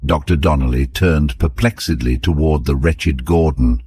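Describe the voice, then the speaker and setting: A man narrating an audiobook story for English learners in a clear, even storytelling manner. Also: a bass voice, normal speed, few pauses, no room sound, clean studio sound.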